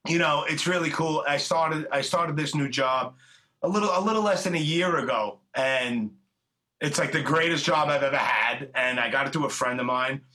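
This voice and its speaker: A middle-aged podcast host with a bright, forceful voice pitched a little high. He rambles along in chummy, profane chat. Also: normal speed. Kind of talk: casual interview chat.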